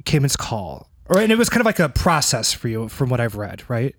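Playful co-host, dry close sound. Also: male voice, medium pitch, big pitch swings, a little fast, no echo. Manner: playful, punning. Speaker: podcast co-host. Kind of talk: joking studio banter.

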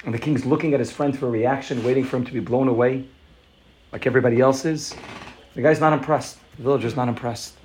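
A man's voice: medium pitch, steady tone, fast, darkish tone, a little hiss or hum. A man giving a fervent Hasidic farbrengen talk, telling a parable and often repeating words and restarting.

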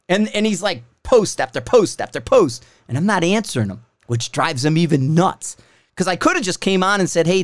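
Animated ranting man, dry close mic. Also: high-pitched, no room sound. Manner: animated, exasperated, profane, mocks others in put-on voices. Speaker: podcast host, shooting instructor. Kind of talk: casual ranting monologue.

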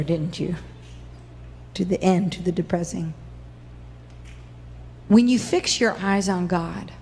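A woman preacher giving an impassioned sermon, acting out quoted voices with big swings in pitch. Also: long reverb tail. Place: church.

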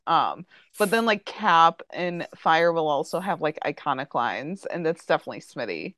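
Woman podcast host, casual recap chat, filler-heavy delivery, animated intonation, dry mic. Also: deep voice, moderate pace, hardly any pauses, no room sound. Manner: chatty, full of "like" and "um" fillers.

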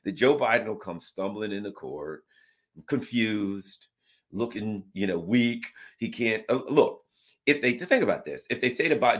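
A man's voice: low voice, fairly bright tone. A man giving opinionated political commentary, mocking and rambling, with frequent restarts.

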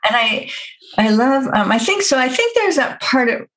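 A woman talking as a guest on a podcast in a reflective, gentle way, often laughing softly. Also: high-pitched, very animated, normal speed. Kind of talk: casual podcast conversation.

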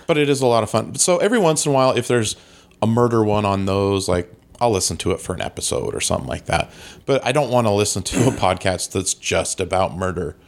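A man's voice: on the low side, expressive, fast, gravelly. A man co-hosting a podcast, chatting casually and joking with easy laughs. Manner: joking, rambling, laughs often. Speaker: podcast co-host. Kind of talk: casual chat.

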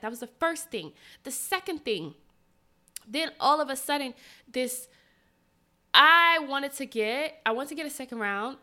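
A woman hosts a casual podcast and tells a personal story with dramatic flair. Her voice is bright and sits a little high. She speaks directly to her listeners as if they are friends. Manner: animated, dramatic, talks straight to listeners. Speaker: podcast host.

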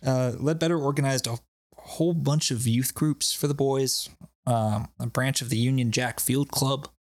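This podcast host chats casually, telling loose stories while laughing and swearing a lot. He has a mid-range voice with fairly even intonation and a moderate pace, captured as a dry, clean studio recording.

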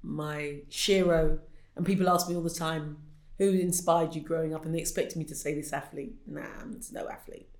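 A woman's voice: low-pitched, fairly even intonation, moderate pace, a little mellow. A middle-aged woman, an Olympic athlete, telling stories animatedly as an interview guest and acting out quoted voices. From United Kingdom. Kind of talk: conversational interview. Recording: roomy echo.

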